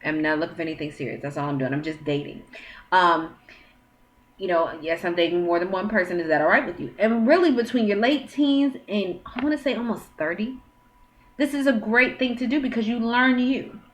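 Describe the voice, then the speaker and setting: A woman's voice: medium pitch, brisk. Frank, chatty woman giving dating advice. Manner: frank and chatty, with quoted dialogue and questions. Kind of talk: casual advice monologue. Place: at home, with her child nearby.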